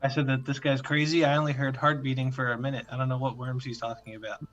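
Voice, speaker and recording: A man's voice: mid-range voice, level tone, fast, a bit bright, muffled recording, soft background music. A man playing in a tabletop game, talking in a blunt, offhand way. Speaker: player. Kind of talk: casual chat in a tabletop game.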